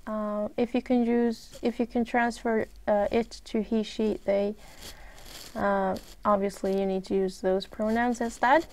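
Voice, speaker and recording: A woman with a Swedish accent teaches English grammar in a recorded lesson, speaking at a mid pitch. She moves through long lists of examples one at a time. She often fills her pauses with "uh" as she explains each rule. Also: flat delivery, a little mellow. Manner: measured, lists examples one by one, frequent "uh" fillers.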